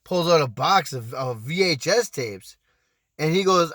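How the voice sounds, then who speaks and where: A man in his thirties telling a story in a casual, animated way, swearing freely and acting out what people said. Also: fairly high pitch, a little slow, no echo, studio quality. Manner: animated, profane, acts out quotes. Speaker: storytime vlogger.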